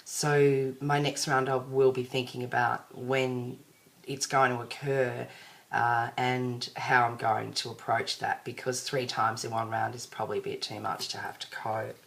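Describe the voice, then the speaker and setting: A woman's voice: extremely low pitch, little pitch movement, unhurried, gravelly, a bit bright. An Australian woman chatting to her viewers in a casual vlog, rambling and self-deprecating. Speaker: vlogger.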